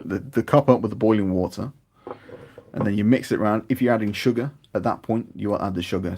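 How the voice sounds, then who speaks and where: A British man with a husky voice chats casually while painting miniatures, rambling and growing animated. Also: fairly low pitch. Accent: British English. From United Kingdom. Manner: rambling, chatty, grows animated.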